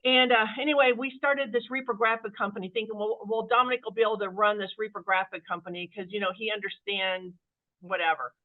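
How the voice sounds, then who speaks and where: A woman company CEO telling her story as a guest in an interview, chatty and animated, acting out the voices of people she quotes. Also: medium pitch, fast talker. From Kansas City area, USA. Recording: phone-like narrow-band sound.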